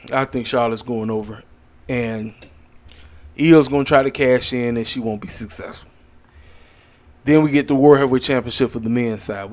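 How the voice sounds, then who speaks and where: A tired man talks late at night in a loose, rambling way, trailing into fillers as he goes. He is blunt and opinionated and calls his picks with no hedging. His pitch sits in an ordinary middle range. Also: a little mellow. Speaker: wrestling commentary channel host. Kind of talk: casual solo predictions video.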